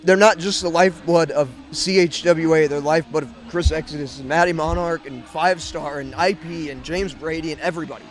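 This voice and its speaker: A man's voice: fairly high pitch, fairly even intonation, fairly quick, few pauses, soft background music. A man from the St. Louis area doing emotional, emphatic commentary for a wrestling show. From St. Louis area, USA. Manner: heartfelt, emphatic, repeats himself.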